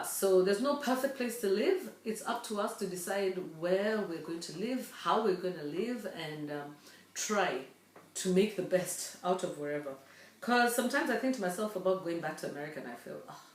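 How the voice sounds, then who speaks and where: A woman's voice: fairly low pitch, lively intonation, moderate pace. A woman in her fifties from Kenya, talking to her viewers in an earnest, chatty monologue. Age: 50s. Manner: earnest, chatty, with many fillers. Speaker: vlogger. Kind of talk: casual monologue. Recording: roomy echo, distant mic.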